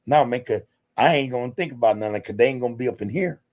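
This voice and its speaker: A man's voice: mid-range voice, fast, darkish tone. A man hosting a podcast, talking casually and emphatically while answering chat comments. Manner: emphatic, conversational, repeats "man" and "you know". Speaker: podcast host. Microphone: streaming setup microphone.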